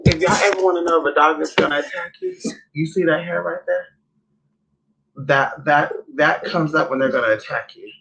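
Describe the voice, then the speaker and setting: A man's voice: fairly high pitch, vocal fry, bright, forceful tone, low-quality recording. A man chatting casually on a spiritual vlog, sassy and profane, full of theatrical asides. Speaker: spiritual vlogger. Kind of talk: casual live-stream chat.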